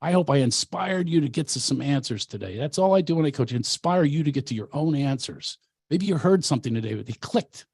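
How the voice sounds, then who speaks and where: A man's voice: on the high side, lively intonation, fairly quick, gravelly, a little mellow, breathy edge, no echo, clean studio sound. Brash storytelling comedian man. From Philadelphia. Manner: brash, self-mocking, preachy. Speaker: comedian and coach. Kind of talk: casual storytelling chat.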